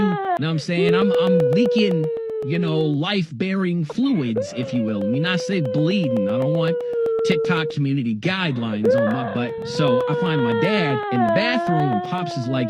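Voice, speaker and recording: Animated, high-voiced slangy storyteller man. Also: normal speed. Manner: slangy, profane, joking asides. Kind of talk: casual comedic storytelling.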